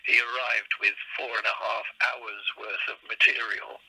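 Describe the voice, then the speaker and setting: A man, a guest impressionist, chatting casually in an interview and telling animated anecdotes. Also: fairly low pitch, moderate pace, vocal fry, noisy background. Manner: animated, anecdotal, slips into voices when quoting people.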